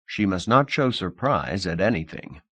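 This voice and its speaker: A man reads a novel aloud in a measured, expressive audiobook style. His voice is low but moves a lot in pitch. The sound is close and dead-dry, with no room sound. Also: husky, no room sound. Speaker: audiobook narrator. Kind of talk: audiobook narration.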